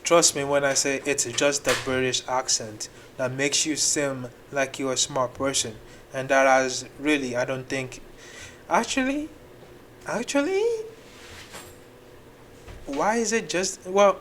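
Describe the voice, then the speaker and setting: A man's voice: mid-range voice, normal speed, a bit bright, a little hiss or hum. A man hosting a reaction video, arguing back in an exasperated tone and restarting his sentences as he thinks aloud. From Nigeria. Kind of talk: ranting reaction commentary.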